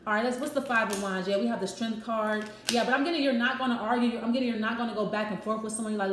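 A woman's voice: on the high side, quick pace, few pauses. A woman giving a casual tarot love reading, chatty and repetitive, with frank, profane asides. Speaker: tarot reader. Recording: echoey room with faint noise.

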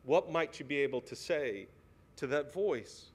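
A man's voice: fairly high pitch, animated, measured pace, husky. A male pastor preaching a sermon in a church, earnest and pleading, asking the congregation many questions. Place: church sanctuary.

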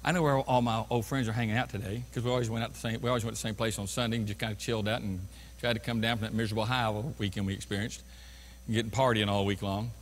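A pastor in his fifties preaching a sermon, swinging from quiet storytelling to loud crying out. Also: fairly low pitch, steady tone, rapid-fire, a little hiss or hum. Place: large church sanctuary. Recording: long hall reverb in a church.

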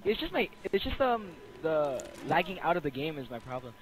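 A man's voice: on the high side, sing-song, a little fast, poor audio. A young man playing a co-op game with a friend, laughing often and breaking into jumpy outbursts. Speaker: co-op player guest. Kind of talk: casual gameplay chat.

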